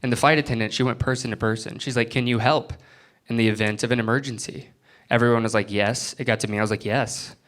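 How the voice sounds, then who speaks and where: A young man from Florida doing a stand-up comedy set on a club stage, acting out people in quick bits. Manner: animated, jumps into high-pitched bits when acting out people. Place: comedy club stage before a live audience. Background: audience laughter.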